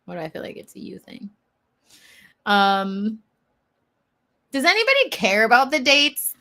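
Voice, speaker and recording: A woman's voice: fairly high pitch, very animated, unhurried, pushed and bright. A woman hosting a casual livestream, chatting and laughing often as she reads viewers' comments aloud, sometimes talking with food in her mouth. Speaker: livestream host. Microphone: eating while talking on a livestream.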